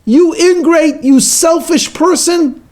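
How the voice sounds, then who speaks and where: A man's voice: sits high, lively intonation, a little slow, darkish tone, full character voice. A man voicing an ambitious, scheming village husband who talks insistently about grand plans. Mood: enraged. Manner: insistent, grandly planning, bursts into anger.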